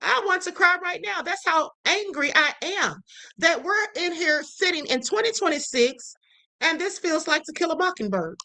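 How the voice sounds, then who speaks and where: A woman hosts a live stream with a high, bright voice. She talks straight to her viewers, emphatic and indignant. She keeps checking in with them with a quick "okay?". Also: lively intonation, poor audio. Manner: emphatic, repeats "okay?" to the audience; indignant, addresses viewers directly.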